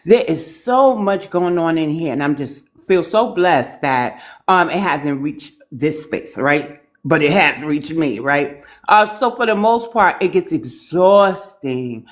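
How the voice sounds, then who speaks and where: A man who moderates and works as a journalist, speaking in a sincere, reflective way on a live stream. His voice sits slightly high for a man. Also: expressive, takes it slowly, few pauses. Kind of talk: casual live-stream talk.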